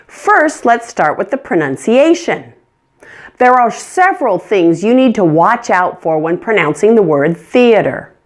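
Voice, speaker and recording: Lively, unhurried woman coach. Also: mid-range voice. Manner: clear, deliberate demonstrations of sounds. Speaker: English pronunciation coach. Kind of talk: pronunciation lesson.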